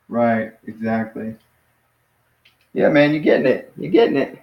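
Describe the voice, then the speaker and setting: A man giving a relaxed, encouraging one-on-one Greek lesson, laughing easily and calling his student "man". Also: mid-range voice, measured pace, gravelly, pauses often, reverberant, muffled recording. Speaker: Greek teacher. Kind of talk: casual one-on-one language lesson.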